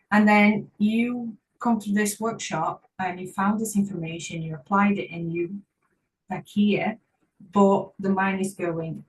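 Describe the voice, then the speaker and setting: A woman's voice: mid-range voice, far from the mic, a little hiss or hum, poor audio. A woman physiotherapist giving an online workshop talk, speaking earnestly and encouragingly and repeating phrases for emphasis.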